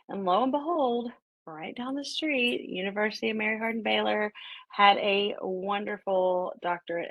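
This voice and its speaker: A woman's voice: medium pitch, no room sound, low-quality recording. A middle-aged woman, a college professor, telling the story of her road to a doctorate and acting out her own and her husband's words. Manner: animated retelling, quoting herself and her husband. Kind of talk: personal storytelling.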